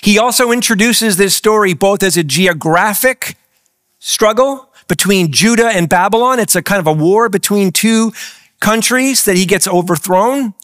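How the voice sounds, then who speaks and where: A man preaching a sermon to a church across several campuses, in a fairly high voice. He keeps the congregation engaged with questions and calls for responses. The sound is dry and close, with little room echo. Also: moderate pace, a bit bright. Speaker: pastor.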